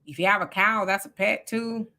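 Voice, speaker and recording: A woman's voice: medium pitch, fairly even intonation, moderate pace, sharp tone. A middle-aged woman, co-hosting a live stream and reading viewer comments in a chatty, teasing way. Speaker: livestream co-host. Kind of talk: casual live-chat commentary.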